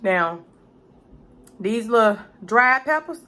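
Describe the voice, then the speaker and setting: Slow-talking salty woman eating on camera. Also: a little high, animated. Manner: loud, salty and profane, talks to the viewer as "baby". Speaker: cooking vlogger. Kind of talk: casual mukbang eating commentary.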